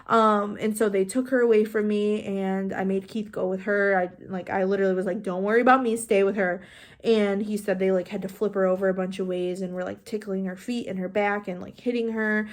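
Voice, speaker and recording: A young woman vlogger telling a personal story in a casual, chatty way, animated and full of "like". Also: medium pitch, normal speed. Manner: chatty, animated, heavy use of "like".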